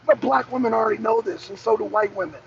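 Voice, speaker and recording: Fast and gravelly, a mid-range female voice hosts a political livestream, emphatically repeating the same rhetorical questions and answering people in the chat. The audio is dull, lo-fi stream quality with faint background noise.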